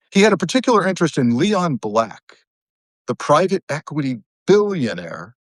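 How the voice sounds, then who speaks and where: A man's voice: mid-range voice, dry recording. A middle-aged man from Southern Connecticut hosting a live stream, reading news items aloud and breaking off for sarcastic asides.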